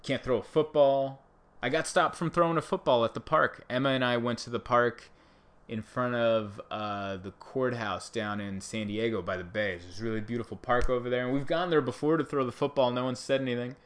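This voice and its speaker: Male comic, mid-pitched, riffs sarcastically in a loose, rambling vlog monologue. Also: steady tone, a little fast. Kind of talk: casual comedic monologue to camera.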